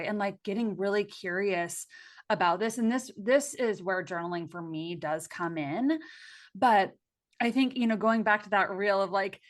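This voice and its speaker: Woman, podcast guest, casual and expressive, thoughtful delivery with lots of fillers. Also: medium pitch, moderate pace. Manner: expressive, reflective, many filler likes. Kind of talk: casual conversational interview.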